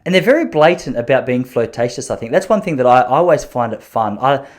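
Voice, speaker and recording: A man hosting a podcast, telling long self-mocking stories in an animated way, with frequent restarts. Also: medium pitch, fast talker. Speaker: podcast host. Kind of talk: storytelling podcast chat.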